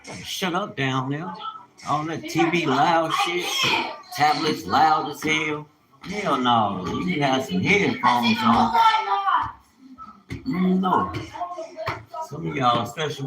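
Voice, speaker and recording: A man delivers informal religious teaching that slides into profane rants. His pitch swings widely, and he breaks into sudden shouts. A steady wash of ambient noise sits behind him. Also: unhurried, reverberant. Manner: animated, profane, bursts of shouting. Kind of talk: informal preaching and ranting. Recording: noisy ambient background.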